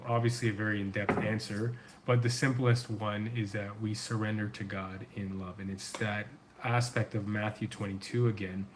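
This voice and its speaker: There's a little hiss or hum behind this middle-aged man's lowish voice as he hosts a casual livestream. A men's coach with a sore throat, he answers viewer questions earnestly in a loose, rambling style packed with fillers.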